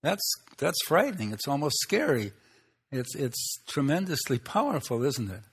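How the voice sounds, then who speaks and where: A man preaching a sermon in a voice of ordinary middle pitch. He teaches at an unhurried pace, pausing often between phrases. He asks his listeners rhetorical questions as he goes. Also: big pitch swings, husky.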